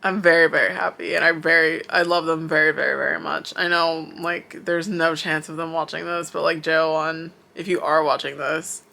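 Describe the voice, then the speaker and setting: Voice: mid-range voice, level tone, moderate pace, creaky, hardly any pauses, bright, forceful tone. A young adult vlogger in Japan talking to camera, teary and emotional, gushing and rambling with lots of fillers. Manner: gushing, filler-heavy, rambling with many likes. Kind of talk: emotional fan vlog talk to camera.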